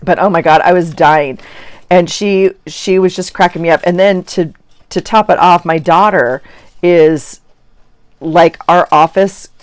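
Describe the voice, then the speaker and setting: A middle-aged woman talks through her crafting in a loose, rambling chat, often breaking into giggles. Her voice sits a little low. The sound is dry, with hardly any room around it. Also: measured pace, no room sound. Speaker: journaling vlogger. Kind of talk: casual chat while crafting. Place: home office.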